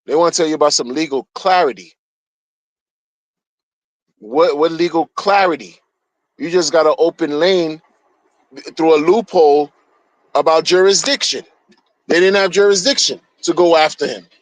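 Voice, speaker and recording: Agitated man ranting, slightly high voice. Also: moderate pace, long pauses, no echo, low-quality recording. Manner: agitated, profane, repeats himself. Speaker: streamer. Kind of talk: heated solo rant.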